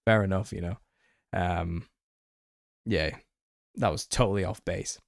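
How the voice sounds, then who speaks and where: Low-voiced male streamer, dry sound. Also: fairly even intonation, measured pace, no room sound. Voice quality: slightly raspy. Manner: reads out chat comments and retorts, exasperated, laughing. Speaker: channel host answering viewer questions. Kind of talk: live-stream Q&A chat.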